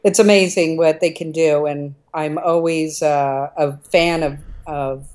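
Low-voiced woman telling lively stories. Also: a little slow. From Southern California. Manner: animated, laughs through anecdotes. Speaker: interview guest, entrepreneur. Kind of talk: casual interview storytelling.

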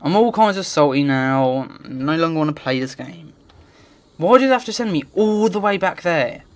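A man's voice: fairly high pitch, expressive, moderate pace. A man giving let's play commentary, muttering to himself and swearing in frustrated rants. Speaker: gamer.

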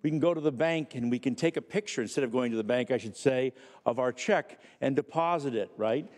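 A man's voice: mid-range voice, a little fast, a little mellow. A man presenting a bill as a state senator, giving a conversational floor speech with asides to the chamber. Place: large legislative chamber. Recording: reverberant chamber audio.

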